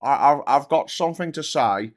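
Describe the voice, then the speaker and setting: A man's voice: medium pitch, lively intonation, normal speed, close to an everyday voice. A man putting on the voice of a dull, middle-aged male politician pleading with a crowd, in a droning, plodding, self-pitying way. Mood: droning plea.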